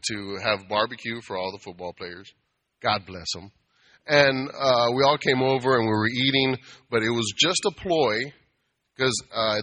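A man giving a casual, humorous talk like a sermon, asking the audience for amens and acting out everyday exchanges. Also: fairly low pitch. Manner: animated, asks the audience for amens, acts out bar customers. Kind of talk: conversational preaching with humor.

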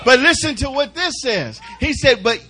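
A man's voice: very high voice, big pitch swings, normal speed, pushed and bright, slight background noise, poor audio. A male preacher delivering an emphatic sermon, repeating phrases as he urges the congregation on. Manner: emphatic, repetitive, urging the congregation.

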